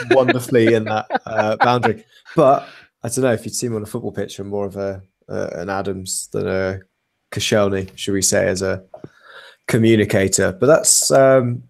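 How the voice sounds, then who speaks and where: A young man with a fairly low voice chatting on a football podcast. He thinks aloud, building his points step by step and filling pauses with ums and uhs. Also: gravelly. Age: young adult. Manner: thoughtful, analytical, with frequent fillers. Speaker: podcast co-host. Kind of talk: casual football podcast chat.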